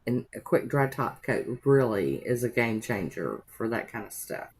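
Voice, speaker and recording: A woman's voice: rumbling low, big pitch swings, moderate pace, darkish tone, slightly rough. A woman narrating a nail art tutorial in a chatty, rambling way, with homey asides to her viewers.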